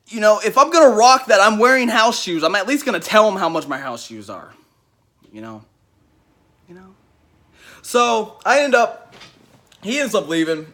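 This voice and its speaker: Animated young man spinning a story. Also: medium pitch. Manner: animated, swings from loud to hushed asides; stammering restarts, self-mocking boasts. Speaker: vlogger telling a Magic card game story. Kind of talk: casual storytelling monologue.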